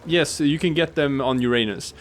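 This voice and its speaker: A man's voice: fairly high pitch, normal speed, a little hiss or hum. A man co-hosting a casual gaming let's play, explaining game mechanics and joking around. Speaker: co-host watching a gameplay let's play.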